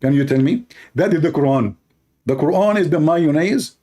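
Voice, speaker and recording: A man's voice: on the high side, moderate pace, mellow. Sarcastic man. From Middle East. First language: Arabic. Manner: sarcastic, mocking, blunt. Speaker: Christian apologist. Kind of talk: mocking debate commentary.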